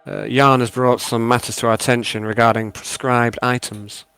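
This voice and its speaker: A man's voice: mid-range voice, flat delivery, moderate pace, a bit bright, smooth, no room sound, lightly acted. A man voicing a refined male Inquisitor who politely offers wine to his guests in a tabletop game. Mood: courteous.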